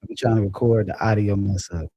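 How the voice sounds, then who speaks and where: A man hosts a casual livestream on a phone or computer mic, chatting loosely and profanely and laughing as he reads viewer comments. His voice is fairly low, steady, mellow, and fast, with no echo and low-quality recording.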